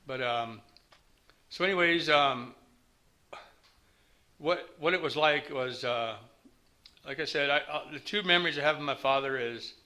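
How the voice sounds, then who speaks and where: A man's voice: medium pitch, bright, forceful tone. A man in his fifties from the United States, telling his personal recovery story to a meeting in a candid, rambling way.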